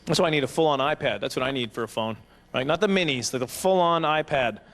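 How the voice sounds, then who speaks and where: A man's voice: mid-range voice, fast, fairly bright tone. A man performing a rambling, self-mocking stand-up comedy set at a banquet, jumping into silly voices. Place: banquet hall stage.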